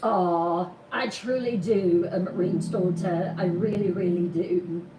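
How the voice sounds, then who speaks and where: Slow, roomy-sounding woman greeting her live chat. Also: lowish voice, fairly even intonation, background noise. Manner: warm, affectionate greetings, slow and drawn out. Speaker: host of a live horror storytelling stream. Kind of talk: casual live-stream chat greeting viewers. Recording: roomy, distant mic with music behind. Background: music.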